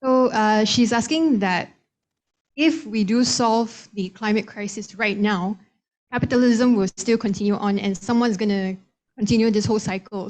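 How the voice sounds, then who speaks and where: A woman's voice: mid-range voice, a little mellow, rough recording. A woman on a panel plainly paraphrasing an audience question for a colleague.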